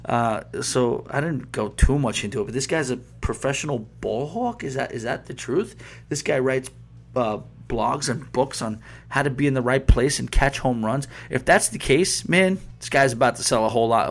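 A man's voice: medium pitch, normal speed. A man hosting a sports podcast, ranting in a heated, profane, rambling way full of restarts and asides. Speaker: podcast host. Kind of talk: casual sports podcast rant.

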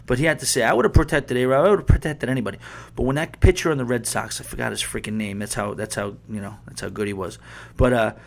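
A man's voice: medium pitch, quick pace, creaky. Heated, profane man ranting on a podcast. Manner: heated, profane, rambling with restarts. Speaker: podcast host. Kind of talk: casual sports podcast rant.

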